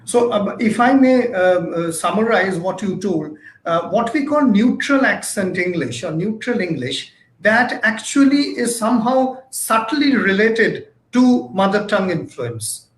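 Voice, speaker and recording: A man's voice: sits high, expressive, unhurried, hardly any pauses. A man hosting an interview, who speaks hesitantly with many fillers and keeps affirming his guest. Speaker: interviewer, host. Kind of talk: conversational interview. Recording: echoey room.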